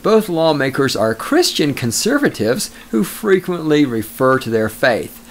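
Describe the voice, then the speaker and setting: A man's voice: on the high side, big pitch swings, unhurried, a little hiss or hum. A male podcast host reading news stories and mocking them with crude jokes, often breaking into laughter. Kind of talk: sarcastic news commentary.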